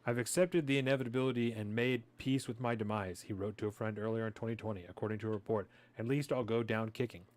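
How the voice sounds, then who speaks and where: Male podcast co-host, rapid and sardonic, dry close-miked read. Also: fairly low pitch, steady tone, darkish tone, dry recording. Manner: sardonic, reads articles aloud. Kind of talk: casual podcast chat and reading news aloud.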